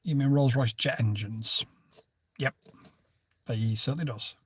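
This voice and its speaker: A man's voice: mid-range voice, measured pace, husky, dry recording. Chatty man hosting a stream. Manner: chatty, jokey, jumps between topics and greets viewers by name. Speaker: livestream host. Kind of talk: casual livestream chat, reading and answering viewer comments.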